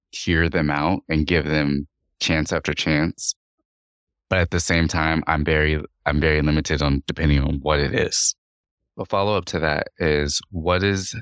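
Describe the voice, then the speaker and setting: A man co-hosting a casual podcast, posing questions to his co-host in a deliberate way with lots of fillers. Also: rumbling low, fairly bright tone, smooth, no room sound, clean studio sound. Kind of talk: casual chat.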